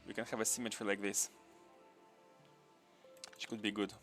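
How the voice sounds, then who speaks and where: A man with a somewhat low voice hosts a live gameplay stream. He thinks aloud as he plays, repeats his phrases and chats casually with viewers between chuckles. Faint music plays in the background. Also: little pitch movement, moderate pace, fairly bright tone. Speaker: gaming livestream host.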